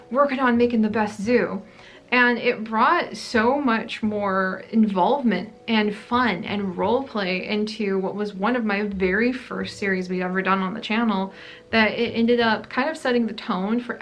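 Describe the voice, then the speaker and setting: A woman hosting a gaming channel, chatting casually through a Q&A vlog in a rambling, friendly way. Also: mid-range voice. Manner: chatty, rambling, many "like" fillers.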